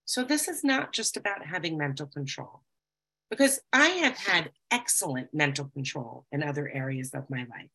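A middle-aged woman speaks in a deep, gravelly register with a slightly husky edge. She talks in an earnest, confessional way, reading short passages aloud and then reflecting on them in her own words. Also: animated, moderate pace, sharp tone, poor audio. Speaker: speaker sharing recovery experience. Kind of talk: personal recovery talk.

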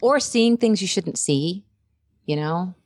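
A woman actress in casual interview chat, an animated storyteller who laughs often. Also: on the low side, slow, no room sound, clean studio sound. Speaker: actress and voice performer.

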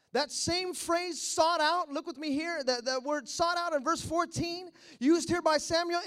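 A preacher with a notably high, lively voice delivers a sermon. He swings from near whispers to bursts of shouting, acting out little dialogues as he goes. He sounds middle-aged. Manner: preaching with sudden shouts and acted-out quotes. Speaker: pastor.

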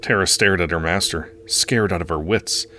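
Male storyteller, very low voice, earnest read-aloud narration, faint background hiss. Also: normal speed, bright, forceful tone.

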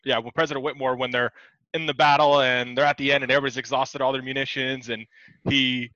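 A man's voice: medium pitch, level tone, fast talker, sharp tone, dry recording. A man co-hosting a casual chat, laughing often as he tells his stories. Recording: dull, muffled mic.

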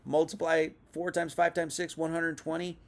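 A man's voice: fairly high pitch, flat delivery, moderate pace, creaky. A young man giving a casual, conversational Bible teaching, full of asides and restarts. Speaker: preacher.

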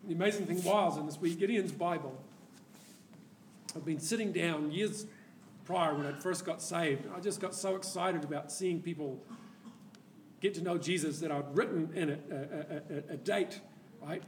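A man preaching a sermon, telling a story with lively laughter and acted-out quotes, heard from a distance in an echoey church hall. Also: fairly high pitch, normal speed, slight background noise. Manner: animated storyteller, laughs often, acts out quoted voices.

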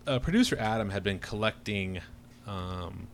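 Low-voiced man, laid-back. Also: animated, moderate pace. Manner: teasing, laid-back, many fillers. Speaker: podcast host. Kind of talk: casual chat. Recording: faint background noise.

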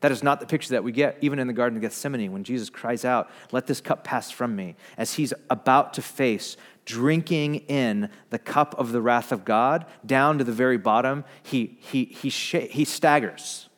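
A man preaching a sermon, swinging between loud emphatic declarations and hushed, low retellings. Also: moderate pace, few pauses. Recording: long hall reverb.

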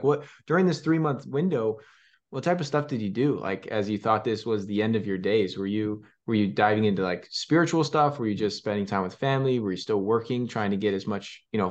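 A man hosting a podcast asks questions in a casual, upbeat way and drops in slang. His voice sits fairly low, and his audio comes through dull and muffled. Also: a little mellow. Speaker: podcast host. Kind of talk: interview questions.

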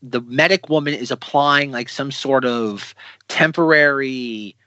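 A man's voice: medium pitch, measured pace, bright, forceful tone, no echo, dull audio. A man co-hosting a podcast, making his point persistently in a casual film discussion, often repeating words as he cuts in. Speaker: podcast co-host.

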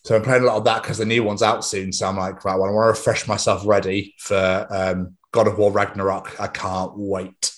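A young man, co-hosting a podcast and chatting casually, an excitable storyteller who swears freely. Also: fairly low pitch, fairly quick, hardly any pauses. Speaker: podcast co-host. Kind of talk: casual chat.

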